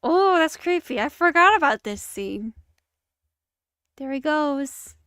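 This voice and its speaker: A woman's voice: high voice, animated, slow pace, bright, forceful tone, dry recording, clean studio sound. A woman streaming a movie watch-along, chatting casually with rambling asides and self-interruptions. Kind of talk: casual live commentary. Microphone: streaming setup.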